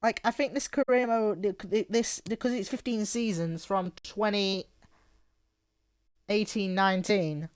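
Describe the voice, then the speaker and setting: A man's voice: high-pitched, fairly even intonation, a little slow, clean tone, dry recording, studio quality. A man giving casual, rambling and jokey commentary while streaming a football game.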